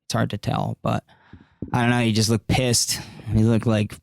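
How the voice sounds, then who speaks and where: A man's voice: lowish voice, little pitch movement, normal speed, creaky, darkish tone, no echo, clean studio sound. A young man telling a party story in casual chat, rambling and profane, full of fillers. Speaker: podcast guest.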